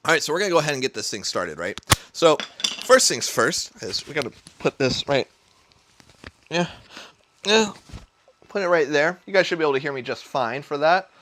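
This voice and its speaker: A man's voice: on the high side, animated, normal speed, long pauses, a bit bright, slight background noise. A young man chatting through a casual cooking livestream from a home kitchen, rambling, swearing a lot and sounding hyped. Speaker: cooking streamer. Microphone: neck-mounted camera.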